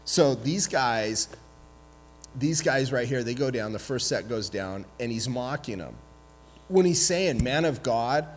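A man preaching a sermon as pastor, retelling scripture with lively, humorous asides and acted-out voices. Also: medium pitch. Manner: animated storytelling, acts out voices with humor. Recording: long hall reverb.

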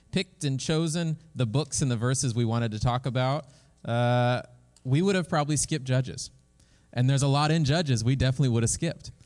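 A man's voice: mid-range voice, a little mellow. A male pastor preaching a sermon in a church in a casual, conversational way, often restarting his phrases. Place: church sanctuary. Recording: long hall reverb.

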